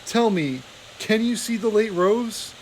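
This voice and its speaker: A man reading aloud, voicing an old male abbot mouse who is dying, gentle and fatherly. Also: sits high, expressive, slow pace, slight background noise, pitched above the performer's own voice, low-quality recording. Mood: tender.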